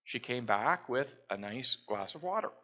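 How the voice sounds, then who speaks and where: A man telling small everyday stories in a casual, unhurried way, pausing often with "uh". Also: mid-range voice, expressive, sharp tone, highs cut off. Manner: unhurried, with frequent "uh" pauses. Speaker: storyteller. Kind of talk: casual storytelling.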